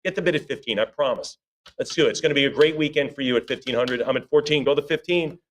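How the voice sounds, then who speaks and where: A man working as auctioneer at a live sale, rattling off rising bids in a rhythmic chant and breaking off for chatty asides. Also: medium pitch. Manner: rapid rhythmic bid calling with chatty asides.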